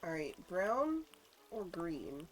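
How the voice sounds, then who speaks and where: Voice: mid-range voice, sing-song, takes it slowly, a little hiss or hum. A congested live-streamer chatting casually while building, playful and prone to sing-song nonsense humming and mock-formal phrasing. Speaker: livestreamer.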